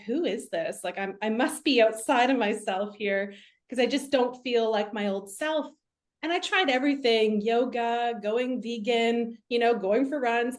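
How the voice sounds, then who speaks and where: A young woman, a medium, telling her own story as an interview guest in an earnest, reflective way with many fillers. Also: fairly high pitch.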